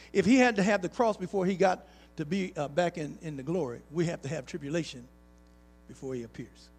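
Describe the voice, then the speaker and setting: High-voiced pastor preaching with swing. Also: male voice, darkish tone, husky. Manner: preacher's call-and-response, folksy, rising to emphatic. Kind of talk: sermon with personal stories. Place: church sanctuary.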